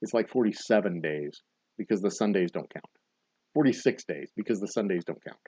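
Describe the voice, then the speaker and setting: A man's voice: low-pitched, expressive, fairly quick, warm tone, husky, no room sound. A man hosting a casual trivia night, reading out answers and rambling into dad jokes and asides. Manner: jokey, rambling dad-joke storyteller. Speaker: trivia host. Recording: dull, dry lo-fi sound.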